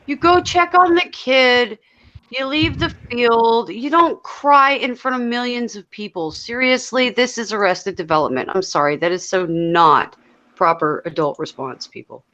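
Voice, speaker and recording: Sarcastic, high, bright-voiced woman. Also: unhurried, muffled recording. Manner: exasperated, sarcastic, blunt. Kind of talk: casual banter among friends.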